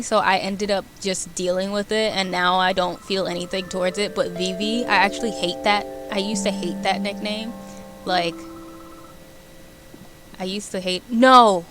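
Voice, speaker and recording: A young woman streamer chatting casually with her viewers, animated and giggly, rambling between topics. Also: mid-range voice.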